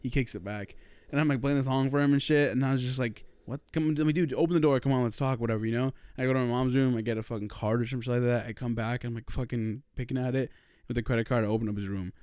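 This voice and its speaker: A young man co-hosting a podcast, telling a story in casual chat, animated and swearing, laughing often. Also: mid-range voice, fast, clean tone, no room sound. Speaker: podcast co-host.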